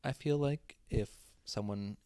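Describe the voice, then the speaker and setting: A young man hosting a livestream podcast from his apartment, talking loudly and casually with lots of fillers, his voice tired after long streams. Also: on the low side, a little slow, clear, resonant tone, no room sound. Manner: loud, chatty, lots of fillers. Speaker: streamer host. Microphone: wearing noise-canceling headphones.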